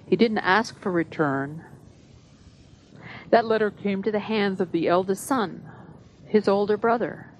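A woman reading a spiritual talk aloud at a gathering, in a measured, earnest voice. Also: medium pitch, dull audio, slight background noise.

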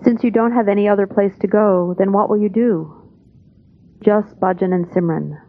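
Calm and measured, a mid-range female voice plainly interprets a spiritual talk aloud. It comes through on tinny old tape that resembles a phone line.

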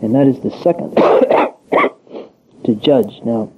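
A man giving a reflective, measured talk explaining scripture, pausing often as he thinks. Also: mid-range voice, animated, slight background noise. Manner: measured, reflective, pauses with ums. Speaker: religious teacher. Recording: tinny phone-like lo-fi recording.

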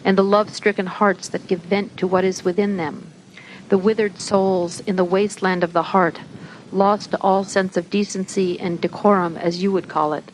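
The voice of God, patient and reproving, as a woman reads it aloud. The delivery is slow, measured and solemn at a middling pitch. Faint hiss rests behind it. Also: little pitch movement, natural voice, poor audio.

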